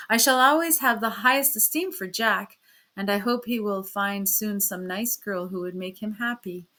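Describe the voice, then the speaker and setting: A woman reading a classic story aloud in the first person, with expressive shifts in pitch and loudness. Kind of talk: storybook read-aloud narration.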